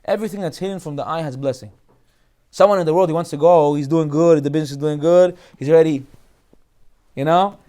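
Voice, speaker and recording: Animated rabbi a high voice. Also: male voice, fast. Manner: animated, jokey, acts out quoted voices. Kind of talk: casual Torah class.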